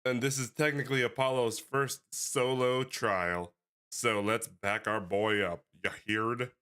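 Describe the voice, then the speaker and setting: A man's voice: medium pitch, fairly even intonation, unhurried, sharp tone, clear, resonant tone. A man chatting casually while streaming a game and reading its lines aloud. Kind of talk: casual gameplay commentary and voice acting.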